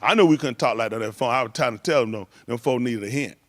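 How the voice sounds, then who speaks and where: A fast-talking man with a medium-pitched voice chats casually, telling stories. His delivery rambles loosely, with bursts of laughter and shouted impressions.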